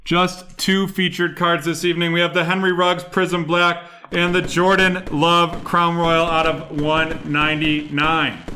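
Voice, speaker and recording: Young male host, bright clear voice, unhurried reading of a card break rundown. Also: on the high side. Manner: rattles off names and buyers in a steady rundown.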